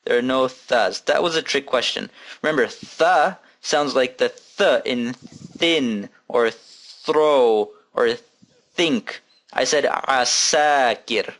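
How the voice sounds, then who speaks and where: A man teaching an Arabic lesson, repeating each word slowly and patiently and counting its letters aloud. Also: medium pitch, animated, fairly bright tone. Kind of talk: recorded language lesson.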